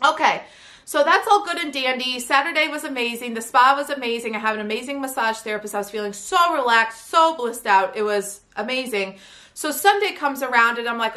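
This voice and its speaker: A woman hosting her own podcast, telling a personal story in a chatty, animated way, full of "like" and "right?". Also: a little high, fairly quick. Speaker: podcast host and coach. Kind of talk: casual storytelling monologue.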